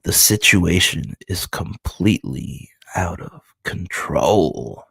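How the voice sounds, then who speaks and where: A man reading the lines of a huge, menacing four-armed male warrior prince from a comic book, slow and threatening. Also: low-pitched, lively intonation, gravelly, fairly bright tone, breathy edge, no echo, full character voice.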